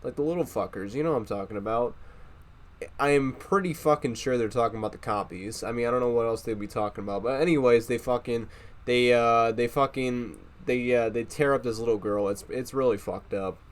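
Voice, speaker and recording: A man's voice: mid-range voice, fairly quick. A man reading a novel aloud, rambling and swearing freely as he sums up the plot and jokes at himself, still getting over a cold. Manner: rambling and profane, laughs at himself. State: recovering from a cold. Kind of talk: casual reading aloud with commentary.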